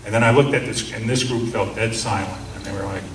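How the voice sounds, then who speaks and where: A man's voice: lowish voice, steady tone, fast. Earnest man speaking in an echoey room. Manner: earnest, acts out quoted officers. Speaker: seminar speaker. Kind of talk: storytelling talk to an audience. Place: seminar room. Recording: roomy, distant mic, faint hum.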